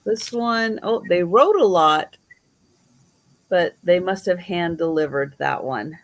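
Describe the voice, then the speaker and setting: A woman hosting a live online sale, showing items slowly and admiringly and counting down the bidding. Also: on the low side, lively intonation. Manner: slow, admiring, auctioneer-style counting.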